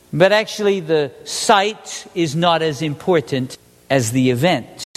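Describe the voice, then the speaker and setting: High-voiced male preacher in a reverberant hall. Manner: animated, asks the congregation questions. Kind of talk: sermon.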